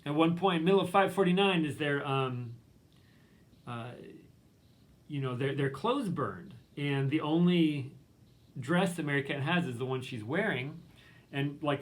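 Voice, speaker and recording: A male literature professor giving a recorded lecture in a casual, conversational way, full of ums and likes, reading quotes aloud. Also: mid-range voice.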